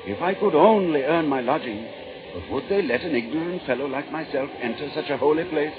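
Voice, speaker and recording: Man voicing a humble storybook juggler, stammering, soft and quiet, dull recording. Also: a little high, animated, brisk, over music, close to an everyday voice. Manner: stammering through chattering teeth. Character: poor, humble male juggler, shivering.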